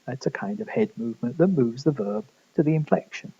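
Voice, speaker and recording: A man's voice: mid-range voice, expressive, brisk, vocal fry, breathy edge, highs cut off. A man giving a recorded university lecture, explaining step by step with frequent fillers and restarts. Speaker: linguistics lecturer.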